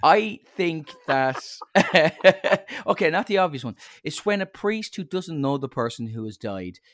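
Lively man telling funny stories. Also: a little high, unhurried, no room sound. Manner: anecdotal, jokey storyteller who laughs at his own jokes. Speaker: podcast co-host. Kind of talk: casual chat.

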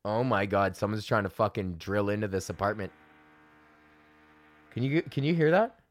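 A man's voice: lowish voice, normal speed. A man in his thirties, a comedian hosting his own podcast, telling a casual, swear-heavy story from his home office, often acting out the people he quotes. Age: 30s. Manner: profane, animated, quoting people in put-on voices.

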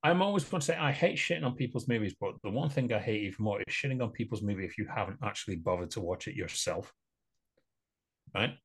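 Lower-voiced guy on a chatty film podcast, rambly and opinionated, laughs a lot. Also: animated, quick pace, breathy edge. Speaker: podcast co-host. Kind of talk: casual podcast film chat.

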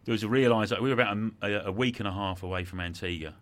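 Low, bright-voiced man telling a hard story. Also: rapid-fire. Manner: reflective, repeats words when moved. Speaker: guest. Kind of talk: emotional storytelling in conversation.

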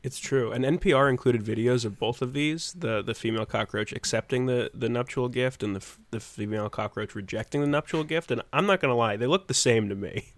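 A man's voice: medium pitch, fairly quick, few pauses. A man who is a comedy podcast guest, riffing in a laid-back, hesitant way. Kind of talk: comedic panel banter.

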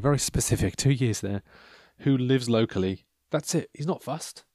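A man's voice: mid-range voice, normal speed, few pauses, a little mellow, dry recording, clean studio sound. A man hosting a casual monologue, reading out personal ads with wry, rambling commentary into a microphone. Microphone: handheld or desk microphone.

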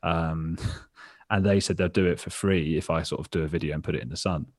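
A man in his early thirties talks as a guest on a podcast, with a very low voice. He rambles through his stories in a self-mocking way, laughing and swearing casually. His tone has a husky, breathy edge. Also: fairly even intonation, fairly quick, dry recording, studio quality. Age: 30s. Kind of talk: casual interview chat.

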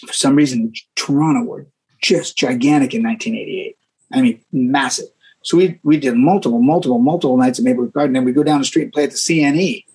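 A man, a guest musician, telling stories in a casual interview, animated and often repeating words as he acts out what people said. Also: mid-range voice, quick pace, slightly rough, poor audio.

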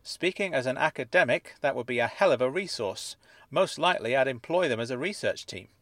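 A man reading aloud, voicing a sharp, dry-witted woman academic in a brisk, matter-of-fact way. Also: mid-range voice, animated, dry recording. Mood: wry.

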